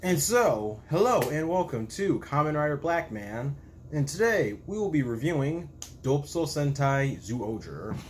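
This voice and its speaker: Male YouTube reviewer, unhurried and hesitant, average pitch, light background noise. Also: sing-song. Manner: slow, halting, frequent restarts. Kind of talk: casual spoken review.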